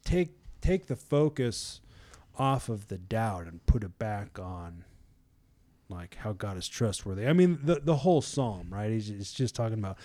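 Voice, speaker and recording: A man's voice: fairly low pitch, animated, unhurried, warm tone. Rambling man sharing a casual devotional. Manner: rambling, conversational, many fillers and restarts; chuckles often. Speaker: devotional speaker.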